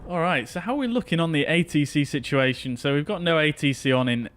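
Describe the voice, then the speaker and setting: A little high and expressive, this man's bright-ish voice moves at a quick pace, with faint music playing behind him. He's streaming a flight simulator, chatting casually with his audience mid-flight.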